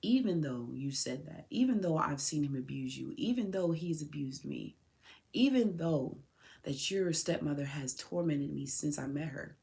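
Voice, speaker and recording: Low-voiced woman pouring her heart out. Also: animated, normal speed, creaky, dark tone. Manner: tearful, raw and heartfelt, speaking straight to her child. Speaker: podcast host. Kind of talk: emotional personal address to her son.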